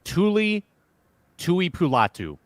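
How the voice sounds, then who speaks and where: A man hosting a casual sports analysis show, brisk, steering the talk between panelists. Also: high-pitched, very animated, a little hiss or hum.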